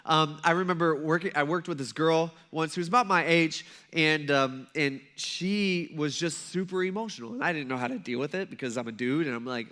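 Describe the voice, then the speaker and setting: A man's voice: on the high side, brisk, sharp tone. A young man preaching as a pastor in a church, telling personal stories in a loose, conversational way with lots of asides to the congregation. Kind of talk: sermon. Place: church sanctuary.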